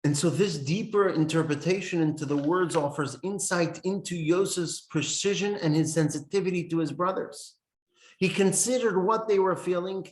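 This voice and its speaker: A man delivers a Torah lesson in an earnest, explanatory way, stopping to quote sages and verses. His voice sits a bit high for a man. The recording is roomy and echoey. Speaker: rabbi teaching a Torah lesson. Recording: echoey room.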